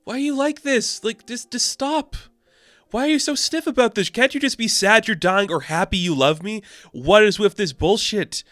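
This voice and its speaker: A man voicing a bitter young woman who lashes out at her lover in shrill, pleading outbursts. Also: brisk, hardly any pauses, bright, forceful tone, no echo, soft background music.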